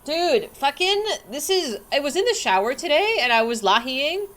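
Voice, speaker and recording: A woman's voice: sits high, sing-song, fairly quick, fairly bright tone. A woman streamer chatting casually and swearing freely while she plays a game. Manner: bubbly, giggly, swears freely. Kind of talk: casual gaming livestream chat.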